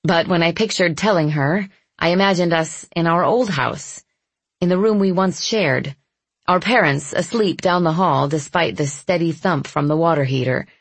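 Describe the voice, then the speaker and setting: Husky low woman reading a novel aloud in first person, steady even delivery, dry close mic. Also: moderate pace, no room sound. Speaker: audiobook narrator.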